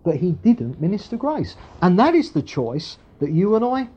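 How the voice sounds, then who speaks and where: A man preaches in a relaxed, conversational way, often checking in with his listeners through tag questions. His voice is warm and mellow and swings widely in pitch. The recording sounds dull and lo-fi. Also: moderate pace, husky. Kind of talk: sermon with Bible reading.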